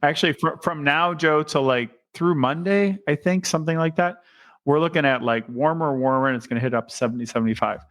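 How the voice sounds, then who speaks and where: Chatty, upbeat podcast co-host, higher voice. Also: male voice, brisk, fairly bright tone, no echo. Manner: chatty and enthusiastic, joking. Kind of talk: casual chat.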